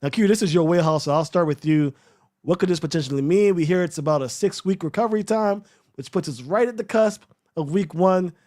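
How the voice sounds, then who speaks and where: A man's voice: high voice, brisk, darkish tone. A man hosting a casual sports podcast, steering the conversation, leading into topics and putting questions to his co-hosts. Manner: laughs easily, steers the conversation. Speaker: podcast host.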